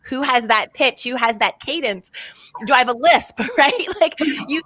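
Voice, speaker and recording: A woman hosting an interview, chatty and enthusiastic, quick to agree with her guest. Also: sits high, lively intonation, fairly bright tone, no room sound. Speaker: host. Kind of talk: interview on leadership. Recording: dry, close sound.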